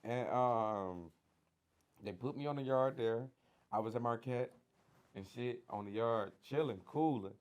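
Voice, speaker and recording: A man with a Detroit accent telling his story in a casual interview, animated and slangy, acting out the voices of people he quotes. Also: mid-range voice, a little slow. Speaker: guest sharing his prison story.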